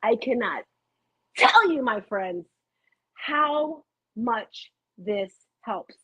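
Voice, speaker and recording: Speaking very slowly into a home webcam, this middle-aged motivational host rambles chattily through stories, her fairly high voice sharp and breathy with lively intonation. The sound is thin and phone-like, completely dry.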